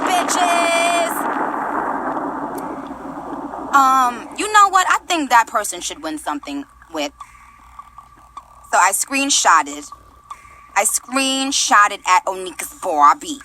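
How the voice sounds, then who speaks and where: Loud, brash New woman host. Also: on the high side, a little hiss or hum. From Queens, New York. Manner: loud, brash and profane, animated. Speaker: radio show host. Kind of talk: casual radio show chat. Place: radio studio.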